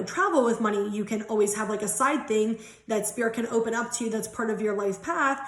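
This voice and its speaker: Uma mulher de uns trinta e poucos anos faz uma leitura de cartas espirituais em tom de conversa, falante, risonha e com palavrões soltos. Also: female voice, fairly high pitch, reverberant. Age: 30s. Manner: chatty, giggly, swears casually. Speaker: tarot and angel card reader. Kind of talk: casual spiritual card reading.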